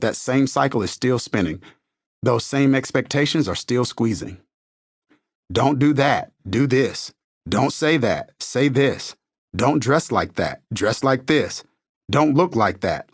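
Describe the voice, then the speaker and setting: Husky man narrating an inspirational book. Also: medium pitch, dry recording, clean studio sound. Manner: earnest, builds through repeated rhetorical questions. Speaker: audiobook narrator.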